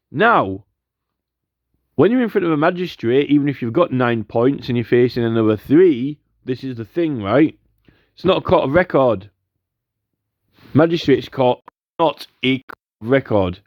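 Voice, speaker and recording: A man's voice: mid-range voice, animated, measured pace, pauses often, no room sound. A man in a rambling, argumentative monologue, repeating "right?" again and again. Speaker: commentator. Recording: dull lo-fi audio.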